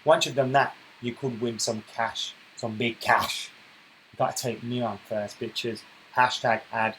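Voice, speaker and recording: A man hosting a casual football live stream, chatting and reading viewer comments aloud, getting loud and worked up when he rants. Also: medium pitch, steady tone, unhurried, background noise. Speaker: football channel host reading live chat.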